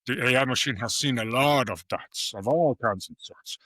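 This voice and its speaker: A middle-aged man speaking as an interview guest, lively and story-driven, slipping in little acted exchanges as he explains. His tone is bright and forward, and the sound is dry and close to the mic. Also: mid-range voice, moderate pace, dry recording. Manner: animated storyteller, acts out quoted dialogue. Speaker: guest AI professor. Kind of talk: casual interview talk.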